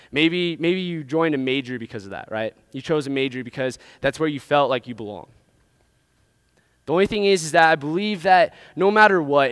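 A young man delivers a sermon to college students, spinning a personal story and checking in with "right?" as he goes. His voice sits slightly high and comes through smooth and clear. The sound is dry, with almost no room echo. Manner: animated storytelling with frequent "right?" asides. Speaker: campus ministry speaker.

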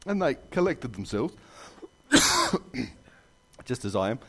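Guy preaching in church, lively up and down voice, jokey storytelling asides. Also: medium pitch, slow, breathy edge. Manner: animated storytelling with jokes and asides. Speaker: pastor. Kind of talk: sermon.

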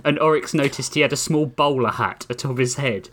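A man hosting a podcast, reading a story aloud to his co-hosts in an animated way. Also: mid-range voice, a little fast, background noise. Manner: animated, laughs mid-read. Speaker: podcast host and story reader.

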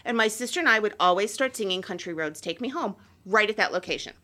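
Animated, laughing woman chatting. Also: medium pitch, fast. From Southern United States. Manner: animated storyteller, laughs often. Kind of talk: casual chat.

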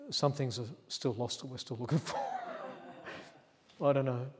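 Man, pastor, chatty storytelling sermon, medium pitch, long hall reverb. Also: steady tone, normal speed, breathy edge. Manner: chatty, acts out quotes, laughs at himself.

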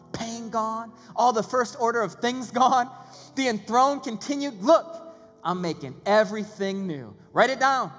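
A man preaches in a large church hall, and his voice carries a long reverb. Music plays clearly beneath him as he swings between loud, excited preaching and hushed prayer. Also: sits high. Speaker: pastor. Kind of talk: sermon. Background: music playing.

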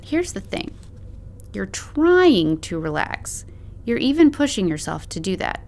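A woman's voice: a little high, big pitch swings, brisk, darkish tone, voice pushed up. A woman voicing a playful, theatrical young man who talks in a mock-grand, teasing way. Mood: reassuring.

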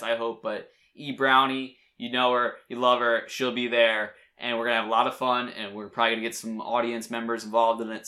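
Bright-voiced joking podcast host. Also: male voice, mid-range voice. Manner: upbeat, joking, loose. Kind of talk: casual podcast chat. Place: hot room.

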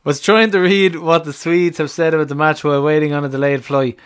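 A man's voice: a little high, fairly even intonation, fairly quick, smooth. A man co-hosting a casual football fan podcast, jokey and laughing often, swearing casually. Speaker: podcast co-host.

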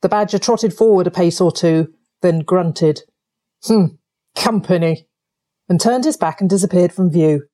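A woman reading a children's story aloud, calm and measured. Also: on the low side. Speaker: audiobook reader. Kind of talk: storybook narration.

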